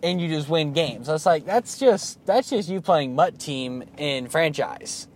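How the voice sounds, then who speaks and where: A man's voice: on the high side, unhurried, a little hiss or hum. Chatty joking young man hosting sports talk. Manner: joking, chatty, animated rants. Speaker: podcast host. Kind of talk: casual sports chat.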